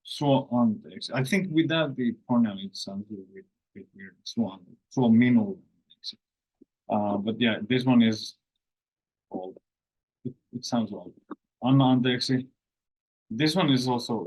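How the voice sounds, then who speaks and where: A man whose first language is Finnish talks through everyday phrases in a relaxed lesson. His voice is husky and a little breathy. He speaks very slowly and unhurriedly, pausing often to think aloud. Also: mid-range voice, low-quality recording. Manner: slow, explanatory, thinks aloud with many fillers. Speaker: language course host.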